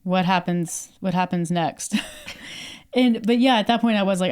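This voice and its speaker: A young woman from Canada tells a story on a podcast with a slightly low, easygoing voice. She chats casually, acting out both sides of a conversation and leaning on fillers as she goes. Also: moderate pace, pauses often, smooth. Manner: animated storyteller, acts out quoted dialogue, many fillers. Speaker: podcast co-host.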